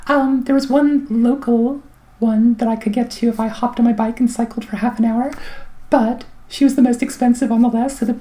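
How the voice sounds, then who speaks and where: Middle-aged woman rambling casually, kinda high mellow voice, keeps clearing her throat. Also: steady tone, moderate pace. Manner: chatty, rambling, wry, many fillers. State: throat clogged, clearing it often. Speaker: vlogger. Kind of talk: casual personal update.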